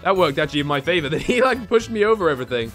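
Excitable high-voiced gaming man. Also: very fast, soft background music. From England. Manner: excitable, shouts and squeals when in danger. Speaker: gaming YouTuber. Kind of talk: let's-play commentary.

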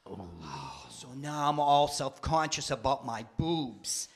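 An older man performing stand-up comedy in a wry, deadpan, self-mocking storytelling manner. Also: medium pitch, slow pace. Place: studio stage with live audience.

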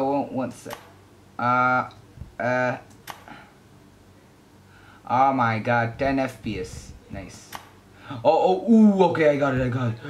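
A young man giving casual gameplay commentary, excitable and yelping at the game. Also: medium pitch, slight background noise. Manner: excitable, yelps and shrieks at the game. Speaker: gaming YouTuber.

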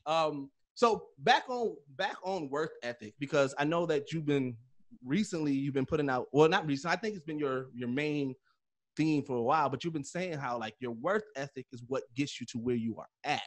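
A man's voice: on the high side, animated, moderate pace. Laughing man hosting a podcast. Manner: laughs often while telling a story, then asks questions. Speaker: podcast host. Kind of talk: casual podcast interview.

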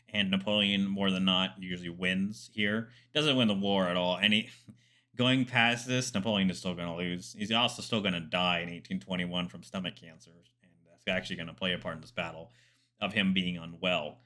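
A man's voice: sits low, steady tone, a little fast, bright, forceful tone. A man, a military historian, commenting casually on a documentary, chatty and digressive with asides and fillers.

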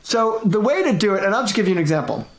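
A middle-aged man, a guest consultant, telling stories in a lively conversational way, acting out quotes and laughing often. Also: high voice, fast, reverberant. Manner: animated, repeats and restarts, laughs often, acts out quotes. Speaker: guest, management consultant and author. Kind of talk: conversational interview storytelling.

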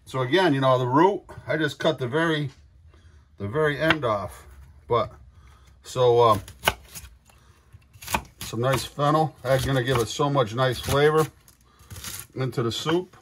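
A man's voice: mid-range voice, unhurried, pauses often, fairly bright tone, slight background noise. An older man hosting a casual cooking demonstration, talking in a rambling, folksy way full of fillers and restarts. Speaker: cooking show host.

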